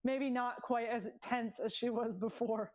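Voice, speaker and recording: A woman's voice: on the high side, fairly even intonation, unhurried, a little mellow. A woman talking casually as a player in a tabletop game.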